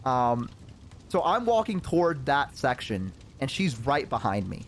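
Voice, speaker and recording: Animated, profane male streamer storyteller. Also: mid-range voice, a little slow, slight background noise. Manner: animated, profane, rambling with fillers. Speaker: VTuber streamer. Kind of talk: casual storytelling anecdote.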